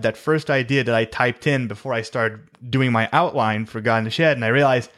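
A man's voice: mid-range voice, fairly bright tone. A man co-hosting a podcast as a writer, talking in a casual, rambling, upbeat way and often correcting himself. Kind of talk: casual chat. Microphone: remote call mic.

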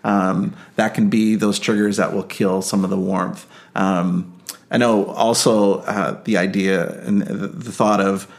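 A man's voice: sits low, level tone, a little slow, creaky. A man hosting a casual parenting discussion, hesitant, with many fillers and "right?" tag questions. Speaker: podcast host.

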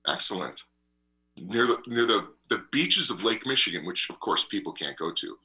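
A man co-hosting a radio talk show, telling a rambling travel story in an animated way and laughing often. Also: fairly low pitch, normal speed, breathy edge. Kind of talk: casual chat and travel storytelling.

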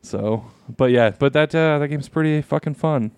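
A man's voice: a little high, normal speed, darkish tone, clear, resonant tone, no echo, studio quality. A man co-hosting a podcast, joking and swearing in casual chat. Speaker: podcast co-host.

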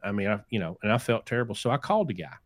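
A podcast host who also owns a trucking business tells stories in casual conversation, acting out the people he quotes. He speaks in a lowish, animated voice at a racing pace.

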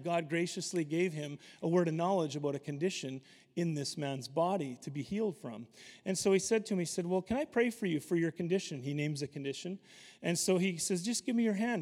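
A man's voice: high-pitched, darkish tone, long reverb tail. A man preaching to a congregation, telling a story animatedly and acting out the voices of the people in it. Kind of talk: sermon storytelling.

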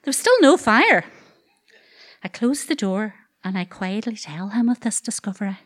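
A woman's voice: medium pitch, big pitch swings, moderate pace. A woman with a Northern Irish accent telling a true story on stage, wry and earthy, swearing freely and adding comic asides. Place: live event stage.

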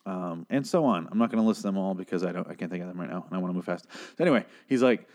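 A man's voice: low-pitched, expressive, racing, a little mellow. A man giving a casual, rambling episode recap, profane and opinionated, swearing freely. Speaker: TV show recapper.

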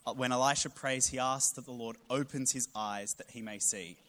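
A man, preaching a sermon with humorous storytelling and animated emphasis. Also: mid-range voice, normal speed. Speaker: pastor.

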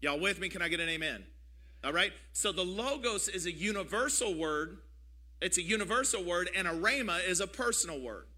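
A man's voice: animated, fairly quick. A middle-aged man preaching a sermon as a pastor, with a repetitive cadence and calls for the congregation to answer back. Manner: builds to louder, higher passionate preaching.

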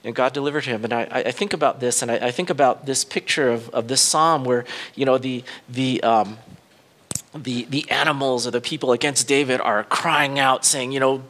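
Bright-voiced pastor, man, conversational sermon. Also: normal speed. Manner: informal, thinks aloud and corrects himself mid-sentence; rises in pitch and volume when retelling dramatic scenes.

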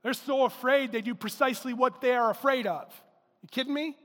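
A male pastor preaching a sermon, emphatic, rising to loud exclamations. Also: very high voice, brisk, big-room sound. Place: church.

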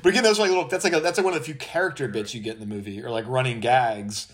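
A man joins a podcast chat about a film, talking loosely and laughing easily. His speech is full of "like" as he reaches for his points, at an ordinary pitch. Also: racing. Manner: chatty, laughs easily, uses "like" often. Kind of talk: casual film discussion.

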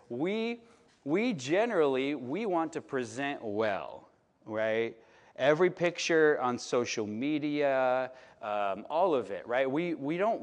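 A man in his late thirties from Chicago, preaching in a relaxed storytelling way and often asking the audience "right?" and "you know?". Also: medium pitch. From Chicago, United States. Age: late 30s. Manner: chatty, filler-heavy, asks the audience "right?". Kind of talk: conversational sermon storytelling.

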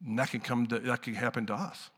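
A middle-aged man preaching a sermon in a casual, talky way, his voice bright and forward. He sinks to near-whispers on key words and then surges loud again. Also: fairly even intonation, quick pace, slightly rough. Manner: conversational preaching, swings from hushed lows to loud outbursts. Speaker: pastor.

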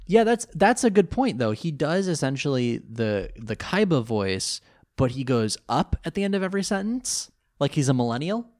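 A man co-hosting a casual podcast chat, recapping an anime episode with animated, laughing delivery. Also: fairly high pitch, moderate pace. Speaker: podcast co-host.

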